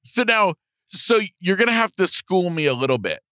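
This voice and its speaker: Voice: mid-range voice, sing-song, normal speed, fairly bright tone, no echo, studio quality. An upbeat interview host asking questions.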